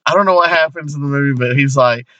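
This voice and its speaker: A man's voice: a little high, fast talker, bright, forceful tone, no echo, lo-fi sound. A man co-hosting a casual comedy podcast, rambling with lots of fillers and laughing often. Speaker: podcast co-host.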